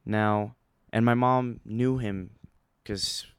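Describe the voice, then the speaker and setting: Young man, low-pitched, smooth voice, rambling excitable storytelling, close dry mic. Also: slow, no echo. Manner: rambling, excitable, many fillers and restarts. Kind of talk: casual storytelling vlog.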